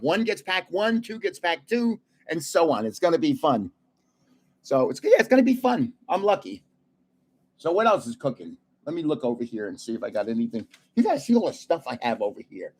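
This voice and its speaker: Older man with a higher voice, chatty card stream host. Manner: animated, laughing storyteller, chatty with viewers. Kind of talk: casual live-stream chat and storytelling.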